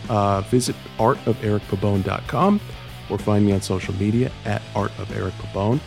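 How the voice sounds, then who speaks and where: A man's voice: on the low side, a little fast, vocal fry, a little mellow, soft background music. A man co-hosting a show, plugging his own artwork in a joking, loose way. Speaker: co-host reading his own ad. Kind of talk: casual self-promo.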